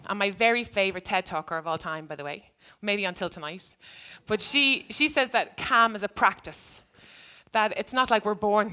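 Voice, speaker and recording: Woman giving a talk, earnest and reflective, mid pitch, telling a story from her teaching days. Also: bright, forceful tone. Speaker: speaker, former teacher. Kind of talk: live storytelling talk to an audience.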